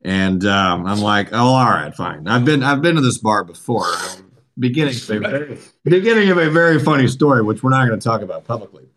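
Swearing animated storyteller man. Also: mid-range voice, brisk. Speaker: podcast co-host. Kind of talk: casual storytelling chat.

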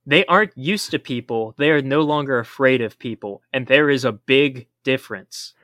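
A man's voice: medium pitch, moderate pace, fairly bright tone, dry recording, studio quality. A man co-hosting a podcast, explaining in a casual chat with emphatic warnings. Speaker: podcast co-host.

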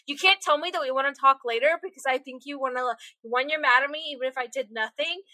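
Young woman, casual podcast chat, self-deprecating, very high pitch. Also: quick pace, no echo. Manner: animated, rambling, self-deprecating. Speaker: podcast co-host.

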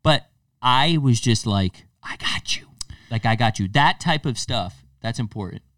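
A man's voice: medium pitch, moderate pace, no echo, studio quality, far from the mic. A man co-hosting a podcast, telling a story in casual chat and acting out the quotes with plenty of restarts. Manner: animated storyteller, acts out quotes, many restarts. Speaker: podcast co-host.

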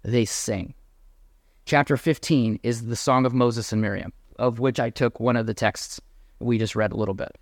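A man's voice: medium pitch, fairly even intonation, normal speed, dry recording. Earnest male pastor preaching, dry close sound. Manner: earnest, building to emphatic points, then quieter prayer. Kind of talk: sermon.

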